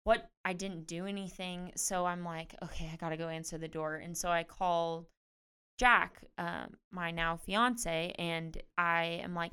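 A woman in her twenties, a pro tennis player being interviewed, chatting in a lively way with lots of "like". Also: on the low side, a little slow, smooth. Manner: chatty, animated retelling with frequent "like". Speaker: guest, professional tennis player. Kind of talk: casual interview storytelling.

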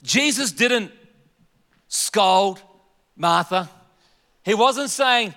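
A man with a very high, bright voice preaching a sermon to his congregation. He talks conversationally, mixes in humor and leans on fillers like "you know." His voice rings out with a long reverb from a church sanctuary. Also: a little slow, smooth. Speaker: pastor and denominational leader.

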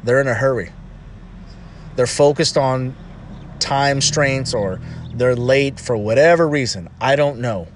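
Man, casual advice talk, rambling, medium pitch, faint noise behind. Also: measured pace, pauses often. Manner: loose, rambling, full of "you know" and restarts.

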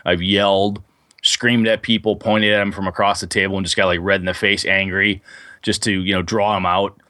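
A low-voiced man co-hosting a casual gaming podcast. He rambles through long stories, full of fillers and restarts. The sound is dry and close, with no room in it. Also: normal speed, no room sound. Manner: rambling, animated storyteller with many fillers. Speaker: podcast co-host. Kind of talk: casual podcast chat about tabletop gaming.

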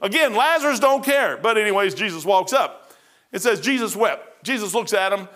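A man's voice: high-pitched, expressive, normal speed, pushed and bright. A middle-aged male pastor preaching a sermon in a rambling, folksy storytelling way, with frequent restarts.

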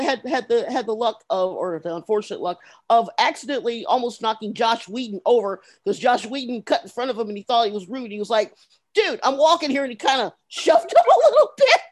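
A woman with a high voice telling convention stories on a podcast. She gets excitable as she talks, and her pitch climbs even higher at the big moments. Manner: excitable storyteller. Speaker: podcast co-host. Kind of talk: casual chat.

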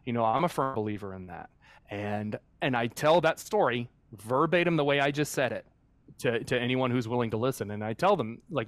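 A man's voice: medium pitch, expressive, a little fast, dry recording. Earnest man telling a heartfelt story. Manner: earnest, heartfelt, with frequent fillers and restarts. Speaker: mascot performer. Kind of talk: storytelling in a conversational interview.

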